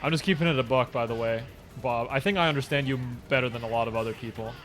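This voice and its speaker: Casual swearing young speedrunner. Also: male voice, mid-range voice, fast, a bit bright, soft background music. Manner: casual, profane, chatty with viewers. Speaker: speedrunner streaming. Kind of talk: live gaming stream chat.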